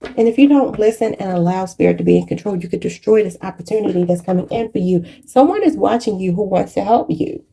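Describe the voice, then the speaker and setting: A woman's voice: medium pitch, fast talker, creaky, dark tone, a little hiss or hum. A woman giving a channeled tarot reading in a preachy, spiritual way, often calling her viewers "y'all". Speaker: tarot reader.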